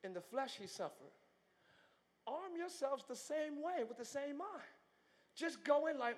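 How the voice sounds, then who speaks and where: A male pastor preaching a live sermon in a large church, moving from hushed talk to shouting. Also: very high voice, animated, measured pace, pauses often. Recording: long church hall reverb.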